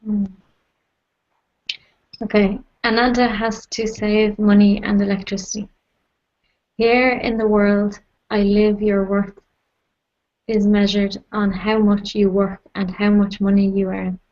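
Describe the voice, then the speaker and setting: A woman acting as moderator, reading a letter aloud in a steady way. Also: mid-range voice, slow, pauses often, muffled recording.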